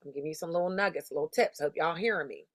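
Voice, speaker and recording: Emphatic, low-voiced woman sales coach. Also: rapid-fire, no echo. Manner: emphatic, conversational, slangy storytelling. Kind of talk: motivational teaching talk.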